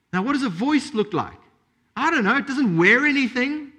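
A man's voice: very high-pitched, lively intonation, normal speed, fairly bright tone. A man preaching a sermon, emphatic, repeating key phrases and asking rhetorical questions.

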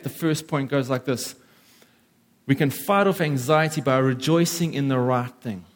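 A man preaching a sermon as pastor, emphatic and acting out the voices of worried listeners. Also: fairly high pitch.

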